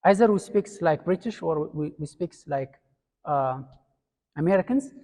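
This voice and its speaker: A man's voice: fairly high pitch, moderate pace, warm tone. A man from Ethiopia with an Ethiopian accent, giving a classroom lecture step by step with fillers and restarts. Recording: long hall reverb.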